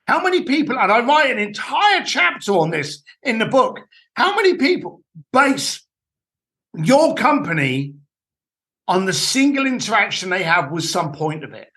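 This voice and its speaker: A man talks business on a podcast with a high, bright voice that swoops up and down. He is blunt and animated and swears freely. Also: normal speed. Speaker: guest, entrepreneur and author. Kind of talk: podcast interview, storytelling advice.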